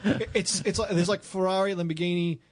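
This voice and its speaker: A man's voice: high-pitched, steady tone, brisk. A young Australian man chatting enthusiastically about cars on a podcast, with lots of restarts. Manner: enthusiastic car talk, many restarts. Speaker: podcast host. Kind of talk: casual chat.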